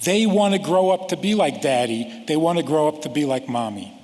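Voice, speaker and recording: A man giving a rabbi's sermon-style lecture, slow and deliberate, with long pauses and sudden drops to a quiet voice. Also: a little high, long reverb tail. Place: large lecture hall.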